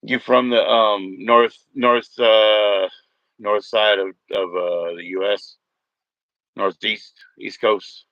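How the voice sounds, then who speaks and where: A man's voice: fairly low pitch, fairly even intonation, slow, no echo, lo-fi sound. A man hosting a casual livestream from home, rambling, swearing and mocking trolls in chat. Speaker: livestream host.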